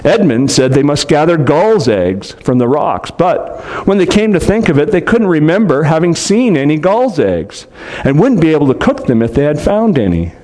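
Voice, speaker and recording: A man with a somewhat high voice reads a storybook aloud to children. He pauses for gentle asides that explain the story to his young listeners. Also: big pitch swings.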